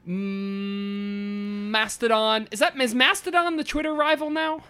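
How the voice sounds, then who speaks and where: A woman's voice: high voice, expressive, a little fast, pushed and bright. A woman co-hosting a podcast in casual chat, playful and teasing, laughing often. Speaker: podcast co-host.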